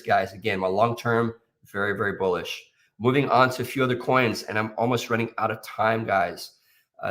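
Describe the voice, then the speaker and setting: A man's voice: on the low side, a bit bright. A man walking through trading charts in casual, emphatic talk, often tagging lines with "okay?" and "guys". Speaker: options trader giving market analysis.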